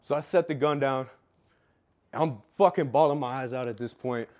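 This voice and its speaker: A young man tells his life story rawly and emotionally, swearing a lot and repeating phrases for emphasis. His mid-range voice moves at a moderate pace with a slightly mellow quality.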